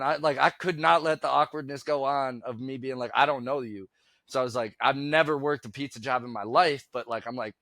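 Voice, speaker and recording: A middle-aged man tells a casual podcast story, rambling along and playing both sides of the exchange. His pitch sits in the middle range for a man. The sound is close and dry, with no room echo. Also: moderate pace, a bit bright. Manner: rambling storyteller who acts out both sides of a conversation and laughs while telling. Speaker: podcast co-host.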